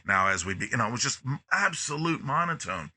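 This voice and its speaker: Bright, very expressive man guest. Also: mid-range voice, fast. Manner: very expressive, emphasizes and de-emphasizes words. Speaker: podcast guest, music educator. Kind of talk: casual conversation.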